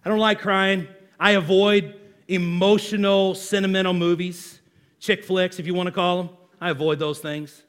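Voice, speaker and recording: A male pastor preaching a sermon to his congregation, animated and conversational, asking the room questions. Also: high voice, moderate pace.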